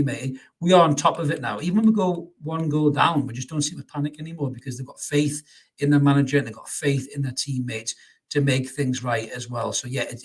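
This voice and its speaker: A fan channel host with a husky voice on the high side goes live, rattling through viewer comments at speed. He keeps things casual, calls people mate, and often restarts what he's saying.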